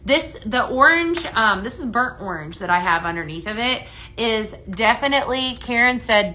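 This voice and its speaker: A woman with a bright, forward voice hosts a live product stream. She chats warmly and gushes over each item, using lots of fillers, and reads viewer comments aloud as she goes. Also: on the high side, animated, normal speed, few pauses. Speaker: live shopping show host. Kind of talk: live product demo chat.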